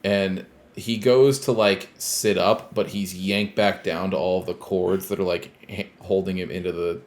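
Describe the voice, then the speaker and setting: A podcast co-host with a strikingly deep, low voice recaps a video game's plot at a slightly slow pace. His delivery is loose and meandering, packed with filler words, and he swears casually along the way.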